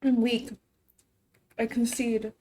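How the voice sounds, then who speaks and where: Woman streamer, slow and mellow, casual live-stream chat, groaning through a spicy eating challenge. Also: fairly high pitch, level tone. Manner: chatty, groaning and laughing while eating spicy food. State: sniffling from spicy food.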